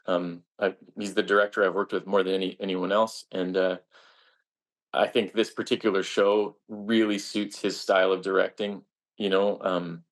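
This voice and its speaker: A man, a stage actor, answering interview questions in an earnest, reflective way with frequent restarts. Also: fairly low pitch.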